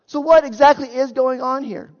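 A man's voice: very high voice, moderate pace. A male pastor preaching a sermon, explaining a Bible passage in an earnest, emphatic way and pressing his points with rhetorical questions. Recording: echoey hall, dull lo-fi sound.

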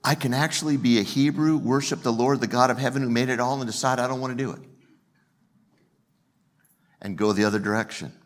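A man's voice: medium pitch, steady tone, a little fast, long pauses. A male pastor preaching a sermon in a conversational, self-deprecating way, joking with the congregation.

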